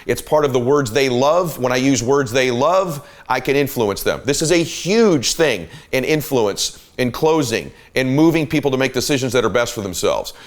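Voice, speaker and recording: A man's voice: mid-range voice, lively intonation, moderate pace, hardly any pauses. A middle-aged man hosting a podcast, giving an emphatic, coaching motivational talk about listening. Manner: emphatic, coaching, shifts volume and pace to illustrate. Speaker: podcast host.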